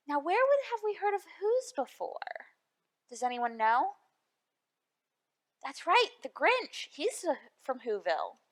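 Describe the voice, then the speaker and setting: A woman librarian reading a picture book aloud to children, expressive and asking them questions. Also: sits high, takes it slowly, pauses often. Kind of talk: storytime read-aloud.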